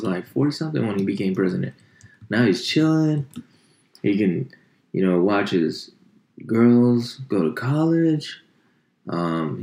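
Low gravelly dude ranting and swearing, kinda roomy echo on it. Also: male voice, darkish tone. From United States. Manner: rambling, profane, self-mocking. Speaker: podcast host. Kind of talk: casual chat. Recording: echoey room.

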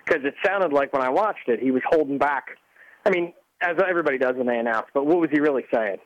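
A man's voice: medium pitch, quick pace, no room sound, low-quality recording. A man calling in to a podcast, asking a question eagerly. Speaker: caller.

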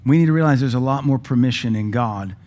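A man's voice: medium pitch, fast talker, darkish tone. A male pastor, preaching a sermon in a conversational, folksy way with asides to the congregation. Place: church.

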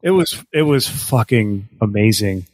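A man's voice: lowish voice, expressive, unhurried, darkish tone, no echo, clean studio sound. A married man on a podcast, telling a long story with energy, stopping and restarting and swearing freely. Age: adult, married. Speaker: podcast co-host. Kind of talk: casual chat.

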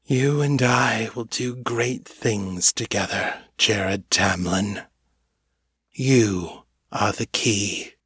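A man voicing an ancient, alien entity that speaks in quiet, gentle, unnervingly calm tones, slowly and deliberately. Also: fairly low pitch, slightly rough, no room sound, clean studio sound, full character voice. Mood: calm menace.

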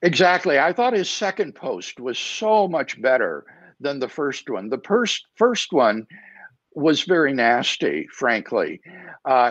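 A man being interviewed as a guest author over a video call, answering in a measured, deliberate way with frequent "uh" fillers. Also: mid-range voice, no room sound. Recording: dull, dry video-call audio.

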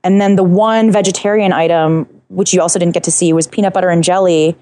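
A woman interview guest chatting excitedly, rambling with lots of fillers and restarts. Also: fairly low pitch, quick pace, a little hiss or hum. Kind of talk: casual interview chat.

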